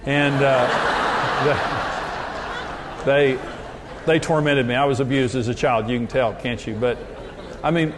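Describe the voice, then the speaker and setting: A man in a pastor's role tells a sermon through jokey, self-mocking stories. His voice sits a little high for a man. A faint hiss runs underneath. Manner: self-deprecating, jokey, animated storyteller. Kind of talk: humorous sermon storytelling.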